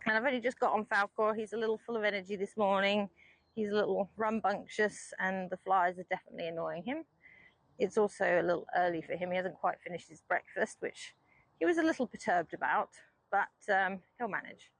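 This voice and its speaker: Calm woman riding instructor. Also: medium pitch, a little fast, no room sound, rough recording. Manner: calm, patient explaining. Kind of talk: explanatory lesson while riding.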